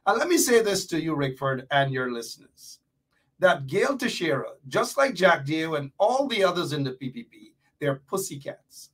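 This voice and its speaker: A man's voice: fairly high pitch, very animated, normal speed, a bit bright, slightly rough. A man, a guest on a talk show, speaking in a fiery, mocking way and building emphatic lists. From Guyana. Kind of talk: heated talk show call. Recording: voice a bit far from the mic.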